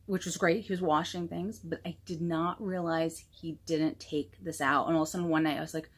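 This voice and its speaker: A woman's voice: sits low, little pitch movement, fairly quick. A woman hosting a knitting podcast, chatting casually and gushing over her projects with self-deprecating humor. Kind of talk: casual show-and-tell chat.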